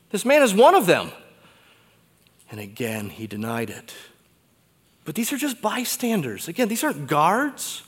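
Guy giving a sermon in a church, chatty and animated, echo hangs in the hall. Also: mid-range voice. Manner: conversational, animated preaching with wide swings in loudness. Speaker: pastor.

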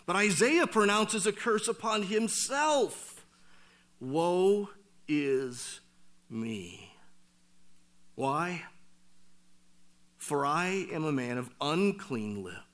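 A man preaching a sermon, swinging from loud emphatic lines down to hushed near-whispers. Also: high voice, lively intonation. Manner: deliberate, with slowed emphatic phrases. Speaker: pastor.

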